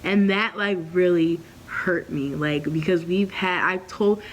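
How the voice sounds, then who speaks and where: Animated young woman telling a storytime. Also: a little slow, slight background noise, poor audio. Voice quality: acts out quoted voices in raised pitch. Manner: candid, animated retelling with slang and profanity. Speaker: vlogger. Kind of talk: storytime vlog.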